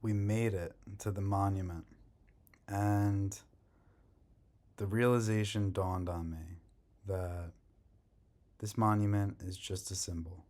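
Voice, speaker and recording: A man vlogging his long-distance hike in a casual, wry, deadpan way, talking outdoors on a forest trail. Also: deep voice, slow pace, long pauses. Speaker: long-distance hiker filming his trek. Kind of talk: casual hiking vlog narration.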